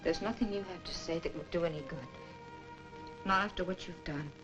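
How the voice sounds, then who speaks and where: A woman's voice: lowish voice, fairly quick, music in the background, lightly acted. An actress playing a bitter, grieving young woman who coldly and angrily rejects a man. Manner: cold, accusing, rising to anger. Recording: muffled old film soundtrack with score.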